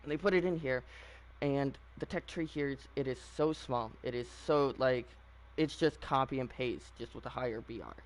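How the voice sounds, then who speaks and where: A man's voice: medium pitch, normal speed, hardly any pauses. A man giving casual, opinionated commentary on a video game, rambling with frequent fillers and restarts. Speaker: gaming channel host.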